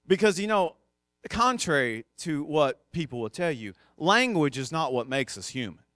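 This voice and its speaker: A man's voice: a little high, very animated, moderate pace, fairly bright tone, no room sound, studio quality. A male pastor preaching a sermon in a conversational, emphatic way, with casual asides.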